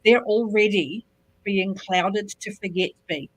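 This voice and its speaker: Measured woman analysing a book. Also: mid-range voice, husky, poor audio. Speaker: book club member. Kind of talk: casual book discussion.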